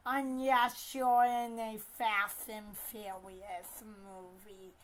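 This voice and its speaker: A high-pitched woman drawling through a casual storytime at a very unhurried pace. She rambles, restarts her sentences, leans on fillers and drops slangy swears along the way. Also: fairly bright tone, rough recording. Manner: profane, slangy. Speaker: storytime vlogger.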